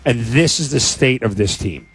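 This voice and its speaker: A man's voice: medium pitch, animated, normal speed, a bit bright, breathy edge, no echo. A man co-hosting a sports radio show, talking in a sarcastic, heated and emphatic way. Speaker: co-host.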